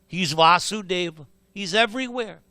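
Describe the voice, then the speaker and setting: A man voicing a calm, fearless young devotee boy in a retold scripture story, speaking steadily and quietly. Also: sits high, moderate pace, clear, resonant tone, no room sound, voice pushed up. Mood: calm, firm.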